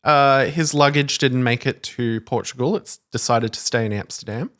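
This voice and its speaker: Male co-host, mid-pitched, animated storyteller who mimics people. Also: moderate pace. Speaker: podcast co-host. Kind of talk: casual chat.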